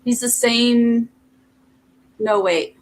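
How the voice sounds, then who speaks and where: A woman's voice: fairly high pitch, drawn-out words, poor audio. An older woman, a grandmother, chatting as a guest on a live stream, teasing and chuckling. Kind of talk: casual live-stream chat.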